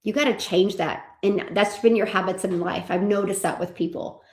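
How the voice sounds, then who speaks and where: Energetic woman coaching in an echoey room. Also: medium pitch, normal speed. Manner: energetic, repetitive, emphatic, acts out quoted voices. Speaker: online business coach. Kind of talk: motivational talk to camera.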